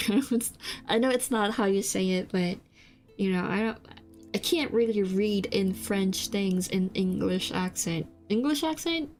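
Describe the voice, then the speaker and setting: A woman's voice: mid-range voice, steady tone, a little slow, darkish tone. A young woman from South Korea whose first language is Korean, chatting casually on stream in a rambling, hesitant way with many fillers and restarts. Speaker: VTuber streamer. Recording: faint background music.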